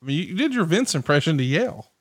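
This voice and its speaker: A man's voice: fairly high pitch, very animated, fast, no room sound. A man hosting a podcast in casual chat, upbeat and teasing as he steers the talk. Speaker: podcast host.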